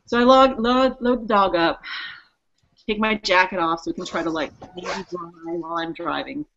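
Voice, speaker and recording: A woman co-hosting a casual podcast, telling a story in an animated way, swearing and laughing as she goes. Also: lowish voice, normal speed, noisy background. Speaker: podcast co-host. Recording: muffled lo-fi audio.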